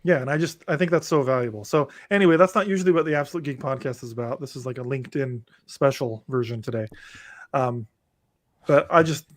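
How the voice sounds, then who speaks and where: A man's voice: medium pitch, quick pace, no room sound. A man co-hosting a podcast from home, chatting casually and rambling with lots of restarts. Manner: rambling, animated, many restarts. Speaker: podcast co-host. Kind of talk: casual chat. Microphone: remote home setup.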